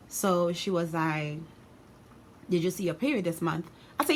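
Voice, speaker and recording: Young woman vlogger, lowish voice, animated slangy storyteller, light background noise. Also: moderate pace. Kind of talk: storytime vlog.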